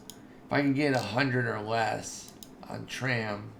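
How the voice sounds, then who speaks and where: A man giving casual, chatty commentary over his own game playthrough, excitable and talking straight to his viewers. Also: lowish voice, slow, creaky, noisy background. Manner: chatty and excitable, says dude and y'all. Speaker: gaming video host.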